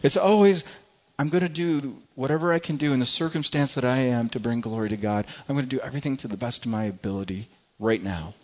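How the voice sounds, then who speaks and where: A man's voice: mid-range voice, quick pace, darkish tone, muffled recording. A man preaching a sermon in an earnest, emphatic way, often restarting his phrases. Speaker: pastor.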